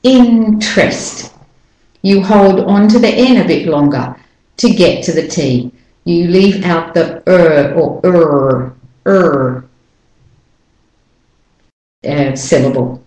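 A woman gives a pronunciation lesson, breaking words into syllables and saying each word again and again. Her voice sits a little low and she speaks very slowly. The sound rings in an echoey room. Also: a little mellow. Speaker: pronunciation teacher. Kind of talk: slow, deliberate pronunciation lesson.

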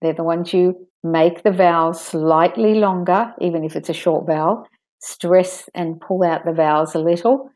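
A woman teaching English pronunciation, modeling sentences slowly and stressing the key words for learners to copy. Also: on the low side, a little mellow.

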